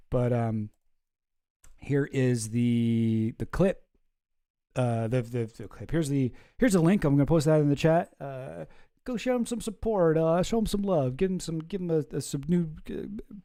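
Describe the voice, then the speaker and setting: A man's voice: medium pitch, mellow. A man hosting a casual livestream, rambling and chuckling as he reacts to chat. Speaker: streamer host.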